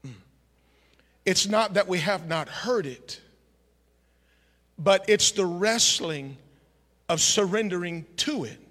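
High, fiery shouting preacher man. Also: animated, takes it slowly, pauses often, in a large hall. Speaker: pastor. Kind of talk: sermon. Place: church sanctuary.

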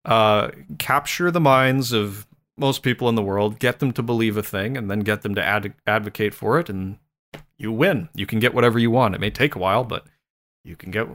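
A man's voice: medium pitch, fairly bright tone. A man talking on a podcast in a loose, rambling way, joking as he goes. He sits at the middle of the male range and laughs often. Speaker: podcast co-host. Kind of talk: casual podcast monologue.

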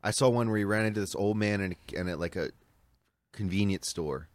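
A man with a low, deep voice, chatting casually on a podcast. He rambles through his stories and swears without a second thought. The sound is dry and close, with no room in it. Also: fairly quick, no echo. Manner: rambling storyteller, swears freely. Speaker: podcast co-host. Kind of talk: casual chat.

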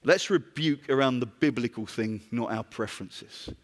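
A man's voice: medium pitch, normal speed, long reverb tail. A man from Britain with a British accent, preaching a conversational sermon and putting questions to his congregation.

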